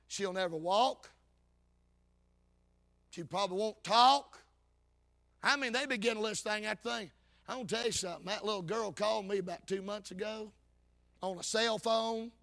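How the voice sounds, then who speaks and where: A man preaching a sermon as a Baptist preacher, in a fervent, folksy style that swings between loud calls and low asides.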